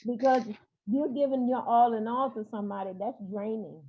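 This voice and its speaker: Halting woman therapist, dull lo-fi sound. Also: fairly high pitch. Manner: hesitant, many fillers and restarts. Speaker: therapist guest. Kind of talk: interview talk.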